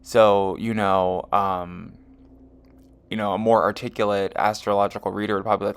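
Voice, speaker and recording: A man's voice: fairly low pitch, level tone, normal speed, clear, resonant tone. A man reading an astrology chart in a casual, rambling monologue, full of fillers and self-corrections. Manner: rambling, heavy with fillers like um and you know. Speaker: astrology and tarot reader.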